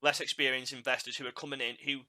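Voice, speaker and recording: A man's voice: mid-range voice, flat delivery, fast talker, sharp tone. A man hosting a podcast, chatting casually and animatedly, laughing at his own mishaps and repeating words as he goes. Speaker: podcast host.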